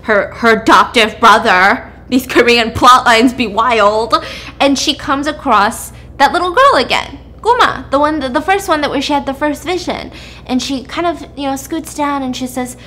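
A woman host casually recapping a drama plot with animated storytelling and quick asides to her co-host. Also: high voice, slight background noise. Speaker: podcast host.

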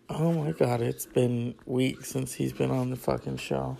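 A man's voice: mid-range voice, fairly even intonation, unhurried, vocal fry, hardly any pauses, dark tone. A tired man hosting his own show, chatting in a rambling, casual way with crude asides and plenty of swearing.

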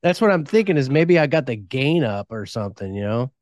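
A man's voice: mid-range voice, sing-song, fairly quick, darkish tone, no echo, studio quality. A man co-hosting a podcast in casual chat, rambling and joking about his mic. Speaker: podcast co-host. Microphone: desk mic on a remote call.

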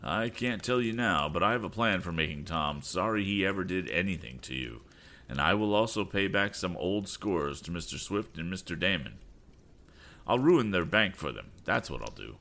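A man reading aloud voices a vengeful middle-aged father who gloats slowly over his plans. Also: sits low, big pitch swings, bright, forceful tone, exaggerated voice. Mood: scheming. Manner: gloating, slow and deliberate.

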